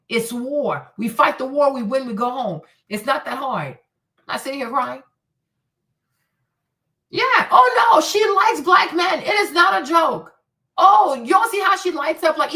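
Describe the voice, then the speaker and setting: A woman hosting a livestream, giving blunt, profane, animated commentary. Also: on the high side, recorded from a distance. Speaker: host.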